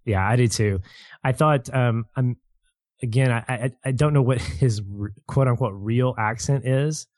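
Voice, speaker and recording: A man's voice: medium pitch, measured pace, darkish tone, dry recording, studio quality. A man chatting as a guest on a film podcast, rambling with restarts and easy laughs. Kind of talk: casual film podcast chat.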